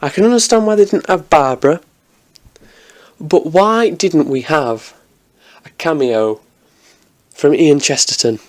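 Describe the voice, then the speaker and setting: A man's voice: fairly high pitch, a little slow, pauses often. A man giving an enthusiastic, rambling review of a TV episode in a casual vlog, with many restarts.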